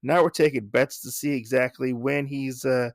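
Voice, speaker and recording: A man's voice: mid-range voice, steady tone, moderate pace, no room sound, clean studio sound, close to an everyday voice. A man voicing a male woodcutter who explains things matter-of-factly. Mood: explaining.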